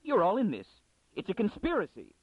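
Brief: jittery, paranoid librarian, read by a man, pitch leaping wildly, thin phone-like sound. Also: huge pitch swings, fairly quick, no echo, full character voice. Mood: panicked. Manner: hesitant, breaking into high shrieks. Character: nervous male librarian, frantic and paranoid. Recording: dry, phone-like narrow sound.

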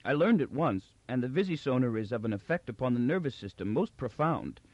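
A man's voice: medium pitch, sing-song, a little fast, no room sound, lo-fi sound. A man voicing a timid male clown musician who speaks in quaint, formal phrasing. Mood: earnest.

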